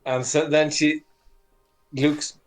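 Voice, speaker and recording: Slow-talking male tabletop player. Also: fairly high pitch, little pitch movement, soft background music, low-quality recording. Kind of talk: narrating his character's actions.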